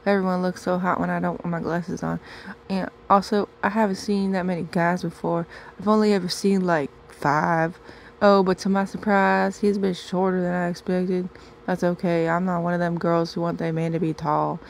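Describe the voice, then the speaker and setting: Woman storyteller, put-on twang, playful deadpan comic reading, faint hiss behind. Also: fairly low pitch, normal speed, gravelly.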